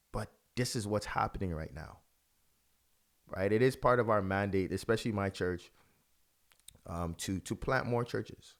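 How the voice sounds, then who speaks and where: Man, pastor, low voice, impassioned commentary, lots of restarts. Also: animated, moderate pace, vocal fry. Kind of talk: religious video commentary.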